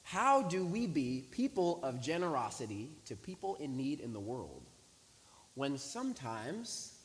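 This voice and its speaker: A man's voice: medium pitch, a little slow. Young guy pastor preaching, laid back storytelling, big echoey church hall, little bit of hiss. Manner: animated storytelling, voices the people in his story; casual, talks to the congregation directly. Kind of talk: sermon. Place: church sanctuary. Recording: hissy room recording with long hall reverb.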